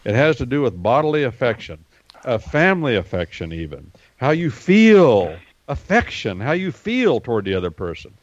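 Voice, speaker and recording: A man, a regular guest on a radio talk show, explaining Bible words at length, repeating himself and filling pauses with "uh". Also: medium pitch, sing-song, no room sound. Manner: explanatory and repetitive, with many fillers. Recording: dull, dry lo-fi sound.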